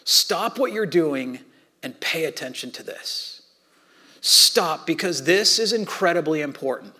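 A man preaching a sermon as a pastor, reading scripture and then explaining it in a conversational, animated way with playful asides. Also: on the high side, unhurried.

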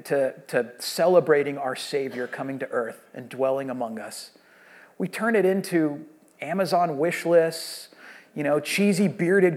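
Male pastor, thirties, slightly high voice, chatty storytelling sermon, lots of restarts. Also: darkish tone. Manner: conversational storytelling with many restarts.

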